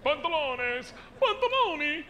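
A man chatting casually as a reaction video host, giving relaxed, amused commentary. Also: very high-pitched, a little slow. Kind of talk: casual chat.

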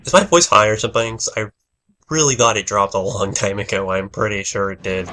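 A man's voice: lowish voice, brisk, sharp tone, slight background noise. A young man in his late teens giving casual gameplay commentary, mumbling and rambling with frequent self-corrections. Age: young adult. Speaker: let's play commentator.

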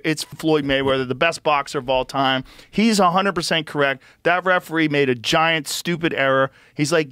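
Emphatic, swearing podcast host, fairly high voice. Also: male voice, normal speed, few pauses, clear, resonant tone, dry recording, studio quality. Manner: emphatic, swears freely, acts out quotes loudly. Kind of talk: casual podcast chat.

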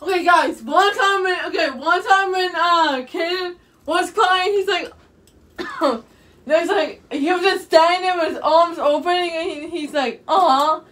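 A woman's voice: very high voice, measured pace, a bit bright, far from the mic. A young woman vlogging casually from her bedroom, rambling and repeating "you guys" over and over. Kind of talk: casual chat to camera.

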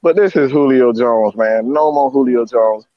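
A man co-hosting a fan sports show from home, hoarse after losing his voice, stammering and distraught. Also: normal speed, no room sound, muffled recording. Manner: distraught, stammering, high-pitched outbursts. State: hoarse, lost voice. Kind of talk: emotional live sports fan chat. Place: at home, hot house.

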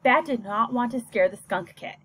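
A woman narrating a children's novel with an expressive, even-paced reading. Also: fairly high pitch, normal speed, a little hiss or hum. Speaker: audiobook narrator. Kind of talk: scripted storybook narration.

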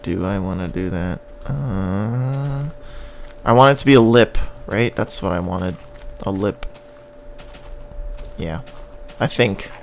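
A man's voice: fairly low pitch, slow, gravelly, pauses often, slight background noise. A man with a Canadian accent giving casual gameplay commentary, rambling and joking as he plays and now and then humming little tunes. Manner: rambling and joking, hums and scats tunes while playing. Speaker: gaming channel host.

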